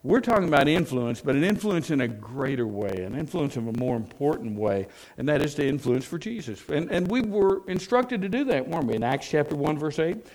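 A man's voice: a little high, big pitch swings, a little fast, few pauses, a little mellow, poor audio. A man preaching a sermon as a pastor, folksy and plain-spoken, often asking his listeners rhetorical questions.

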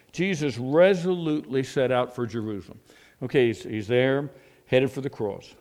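A man delivers a sermon in a warm, conversational preaching manner. He leans on rhetorical tag questions aimed at the congregation and often stumbles and restarts his phrases. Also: medium pitch. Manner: repeats words and restarts often. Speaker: pastor.

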